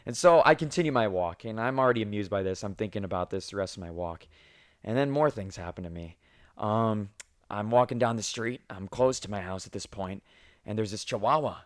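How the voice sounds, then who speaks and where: A young man in his twenties hosts a casual podcast, telling rambling stories about his day. He swears freely and mocks himself. His voice sits fairly low. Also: brisk. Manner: crude, self-mocking, swears freely. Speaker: podcast host. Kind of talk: casual storytelling chat.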